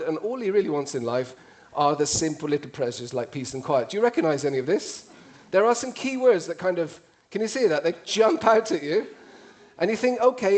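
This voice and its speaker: Giving a witty, conversational public talk to an audience, a man with an English accent speaks in a voice that sits high with a darkish tone. The audio is played from a video.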